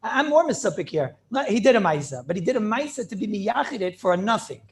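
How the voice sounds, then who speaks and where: A man's voice: high voice, very animated, quick pace. A middle-aged man teaching an informal Talmud class, talking in a conversational, repetitive way and dropping in Hebrew and Yiddish terms. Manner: conversational, repeats himself, peppers speech with Hebrew and Yiddish terms. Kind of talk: informal yeshiva shiur with student questions.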